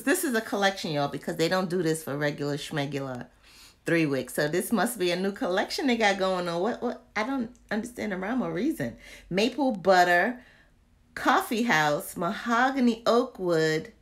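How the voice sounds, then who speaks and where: A candle vlogger chats casually and live to her viewers in a fairly low, expressive voice at normal speed. She sounds exasperated and chatty, full of slang and muttered asides.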